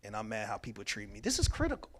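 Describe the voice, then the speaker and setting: A man's voice: lowish voice, fast, slightly rough. A man giving a mental health workshop talk at a church, telling stories with emphasis and acting out the lines of the people in them. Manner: animated storyteller who acts out quoted dialogue; emphatic, repeats key words. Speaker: workshop speaker.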